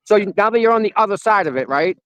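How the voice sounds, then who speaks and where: Guy interviewing, quick n high, stumbles over words, dry sound. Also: expressive, fairly bright tone, clear, resonant tone, dry recording, low-quality recording. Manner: halting, supportive, restarts often. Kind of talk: casual chat.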